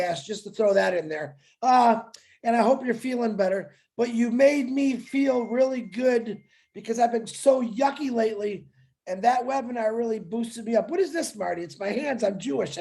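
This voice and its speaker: A man on a video call, co-hosting an online webinar, excitedly chatting, joking and shouting out greetings to viewers. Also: very high voice. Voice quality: jokey, hyped, shouts names.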